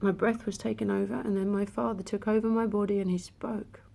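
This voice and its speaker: A woman vlogger telling a personal spiritual experience, in an emotional way with hushed passages. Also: medium pitch, little pitch movement, brisk, vocal fry.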